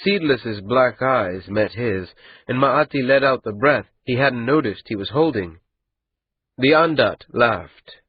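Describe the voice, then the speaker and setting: A male audiobook narrator reads at a slow, deliberate pace with a slightly husky voice. The recording is dry and a touch dull. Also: medium pitch, animated, dry recording. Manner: measured, unhurried reading. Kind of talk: scripted narration.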